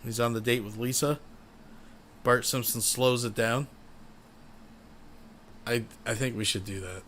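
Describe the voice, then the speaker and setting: A man's voice: medium pitch, fairly even intonation, unhurried, a bit bright. The man has a mid-range voice, tipsy and rambling through crude, casual commentary. A faint hiss of background noise sits under his talk. He hosts the show alone. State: tipsy from beer. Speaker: commentary channel host.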